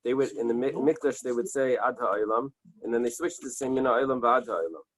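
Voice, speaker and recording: In a small synagogue study room, a man teaches an early-morning Talmud class, reading Hebrew and Aramaic text, translating it plainly, and checking in with "right?" and "okay". His medium-pitched, fairly bright voice is fairly quick, in a rough recording without echo.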